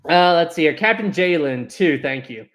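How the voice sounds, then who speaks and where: Livestream host, casual chat, lively swooping pitch, mid-range voice, laughs often, lots of fillers. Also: moderate pace. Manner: animated, reads chat aloud, laughs often; hesitant, lots of fillers while searching for words. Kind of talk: casual live stream chat.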